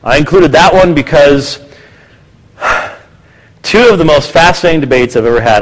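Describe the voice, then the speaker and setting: A man speaking to an audience, telling anecdotes in a lively way and acting out what others said. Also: on the high side, a little slow, pauses often. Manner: animated storytelling, acts out quotes. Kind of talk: lecture with anecdotes. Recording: echoey hall.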